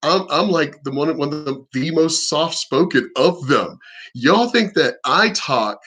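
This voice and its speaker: A man's voice: on the high side, lively intonation, measured pace, fairly bright tone, slightly rough. A man from the East Coast ranting bluntly and animatedly on his vlog, cursing freely. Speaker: vlogger. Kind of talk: casual profane rant.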